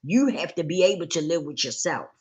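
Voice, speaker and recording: Low-voiced woman giving earnest advice. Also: expressive, fairly quick, darkish tone, a little hiss or hum. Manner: earnest, repeats her points for emphasis; checks in with listeners. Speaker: livestream host. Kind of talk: motivational talk to a live audience.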